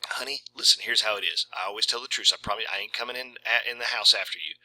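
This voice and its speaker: A man voicing a menacing young male stranger, who talks in a falsely gentle, coaxing, hushed way. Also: fairly low pitch, fast, rough recording. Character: menacing smooth-talking young man stalker.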